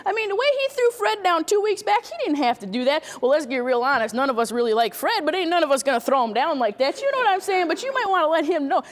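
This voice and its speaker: A woman's voice: sits high, sing-song. A woman acting out a chatty, scattered witness who tells her story in loops and digressions. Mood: animated rambling. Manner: fast, circular, digressive storytelling.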